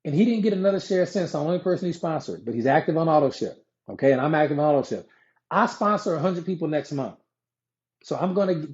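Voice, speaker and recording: A man giving a conversational live-streamed sales pitch, repeating himself and answering viewer comments as he explains a pay plan. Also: darkish tone. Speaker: network marketing presenter. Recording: dull lo-fi sound.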